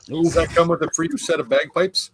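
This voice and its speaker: A man joining a live stream chat, his voice sitting a bit high. He teases the others playfully and keeps the tone light. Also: fairly even intonation, brisk, a loud crowd. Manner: teasing, laughs at his own jokes. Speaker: guest on livestream. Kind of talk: casual banter.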